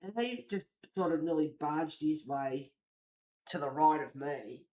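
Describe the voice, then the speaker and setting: A woman, hosting a livestream and chatting casually while colouring, telling a story in an animated, gossipy way with the odd swear word. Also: low-pitched, unhurried. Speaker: livestream host.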